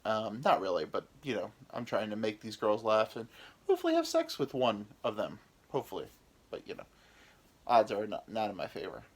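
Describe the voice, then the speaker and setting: A man's voice: on the low side, huge pitch swings, a little fast. A young American man, a podcast host, telling a rambling, profane, self-mocking story in a casual comedic way. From United States.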